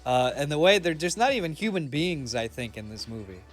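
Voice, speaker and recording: A man co-hosting a casual film review podcast, animated and quick to laugh, often acting out lines from the film. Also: fairly high pitch, faint music behind. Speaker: podcast co-host.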